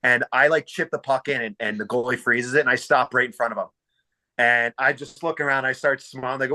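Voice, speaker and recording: A man's voice: medium pitch, fast. A young man on a podcast, telling rink stories in a casual, swearing, bantering way. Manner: storytelling, swearing, lively and bantering. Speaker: podcast host. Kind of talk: casual chat.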